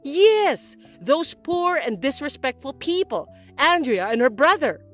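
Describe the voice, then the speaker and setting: Shrill, overbearing older mother-in-law, voiced by a woman in an audio drama, nagging and accusing. Her voice sits high and swings widely through each line. Faint music plays behind her. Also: sing-song, a little slow, a bit bright, exaggerated voice. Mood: scornful. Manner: accusing, nagging, self-pitying.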